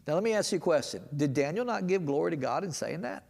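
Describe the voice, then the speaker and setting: A man's voice: a little high, lively intonation, fast talker, gravelly, a little mellow. A middle-aged man teaching a midweek Bible lesson in a church, folksy and rambling, with many restarts and fillers. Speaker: pastor. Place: church sanctuary. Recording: long hall reverb.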